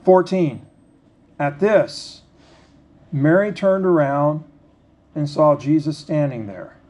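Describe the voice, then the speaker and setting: A man preaching a sermon, reading scripture slowly and then talking it through in a conversational, questioning way. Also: fairly high pitch, a little mellow. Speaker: pastor.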